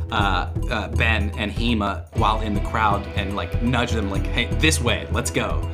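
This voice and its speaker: Rambling man narrating a tabletop game. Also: fairly low pitch. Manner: rambling, filler-heavy narration with many restarts. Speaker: game master. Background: background music.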